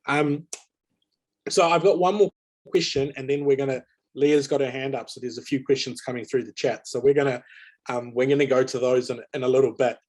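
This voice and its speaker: A man's voice: mid-range voice, steady tone, a little fast, a little mellow. A man moderating a webinar panel over a video call, conversational, with many fillers and restarts. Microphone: video call mic.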